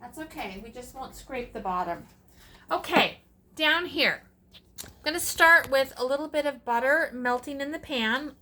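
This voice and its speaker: A woman's voice: high voice, expressive, normal speed, bright, forceful tone, slight background noise. A middle-aged woman hosting a casual cooking vlog, chatting along with sassy asides as she works. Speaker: cooking channel host.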